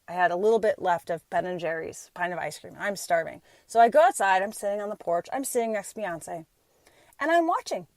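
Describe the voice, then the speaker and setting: This is a woman spinning a casual story on her podcast. Her telling is animated and playfully exasperated, with a mid-pitched voice. She sounds close to the mic in a dry, unechoing space. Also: no room sound. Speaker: podcast host.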